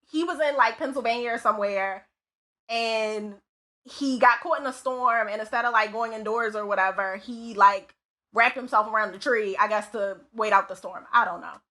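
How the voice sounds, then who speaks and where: A woman guest, an autopsy technician, telling work stories in casual podcast chat, animated and full of "like" fillers. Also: a little high. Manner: animated, lots of "like" fillers, laughs often. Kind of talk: casual storytelling.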